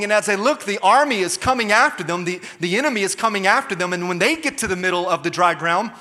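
A man's voice: high-pitched, pushed and bright. A man preaching a sermon as pastor, emphatic and calling on the congregation to respond. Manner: emphatic, calls for audience response. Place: church auditorium. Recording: long reverb of a large hall.

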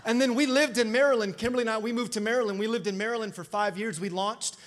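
A high-voiced pastor from Florida preaching to his congregation in a church. He talks in an animated, playful way, swinging between loud calls for the crowd to answer back and quieter asides. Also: fast. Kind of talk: lively sermon. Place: church sanctuary.

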